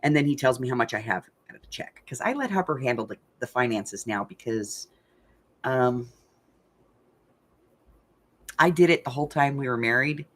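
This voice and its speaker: A woman's voice: extremely low pitch, a little fast. Chatty older woman telling a story. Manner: chatty, animated retelling with filler words. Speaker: craft channel host. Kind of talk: casual storytelling.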